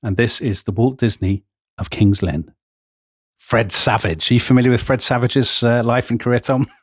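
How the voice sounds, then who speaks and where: A man's voice: mid-range voice, steady tone, moderate pace, husky, no echo, clean studio sound. Enthusiastic man telling history. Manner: enthusiastic storyteller, quoting old accounts with gusto. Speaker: history podcast co-host. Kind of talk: storytelling history chat.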